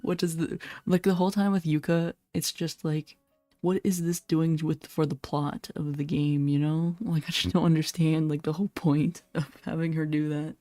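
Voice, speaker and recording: A woman with a low, mellow voice gives loose, blunt commentary while she streams a horror game, swearing freely and laughing often. Her voice sounds slightly hoarse. Faint game music plays behind her on a dry, close recording. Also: level tone, normal speed, dry recording. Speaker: VTuber streamer. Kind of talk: casual gameplay commentary.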